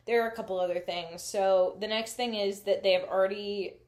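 A woman's voice: medium pitch, fairly even intonation, fairly quick, a little mellow. A young adult woman co-hosting a podcast, telling stories in casual chat with lots of laughter and swearing. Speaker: podcast co-host.

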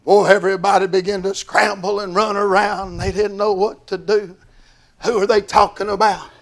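An older man preaching an old-time sermon, swinging from hushed talk to shouting in a sing-song way, with a gravelly voice. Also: high-pitched, little pitch movement, normal speed.

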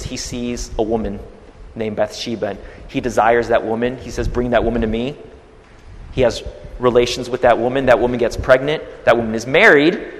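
A man preaching in a reverberant hall. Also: mid-range voice. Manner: retells scripture as a story, with swings in loudness. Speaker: pastor. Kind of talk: sermon.

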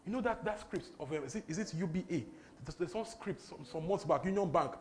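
A young Nigerian man preaching with a Nigerian English accent, his pitch leaping up and down as he drives each point home. His voice sits fairly high for a man. He repeats phrases and slips into pidgin. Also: brisk, slight background noise. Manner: animated, repetitive, breaks into laughter and pidgin. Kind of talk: sermon.

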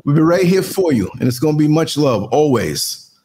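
Emphatic host in his sixties, high voice. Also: sing-song, moderate pace, darkish tone, a little hiss or hum. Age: 60s. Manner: emphatic, motivational, fights in boxing terms. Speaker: live show host. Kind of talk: casual live-stream talk. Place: indoors under studio lights.

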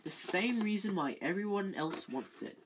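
A reader voicing a studious, bossy teenage schoolgirl who speaks clearly and severely. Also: medium pitch, expressive, moderate pace, noisy background, pitched above the performer's own voice, lightly acted. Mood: insistent.

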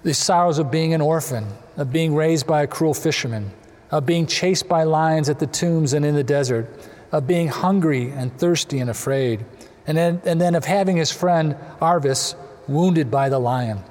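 Earnest male preacher, slightly high voice, long cathedral echo. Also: normal speed. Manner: earnest, gently voicing quoted figures. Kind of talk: sermon. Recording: long reverb of a large hall.

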